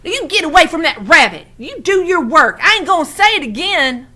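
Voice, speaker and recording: A woman's voice: high-pitched, big pitch swings, moderate pace, sharp tone, voice pushed up, exaggerated voice. A woman voicing a bossy old country woman who drawls and orders people around. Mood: scolding.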